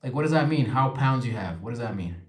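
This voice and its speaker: Speaking fast with lively intonation, a young man with a mid-range voice hosts a relaxed livestream. He reads viewers' comments out loud and chats back to them in an echoey space.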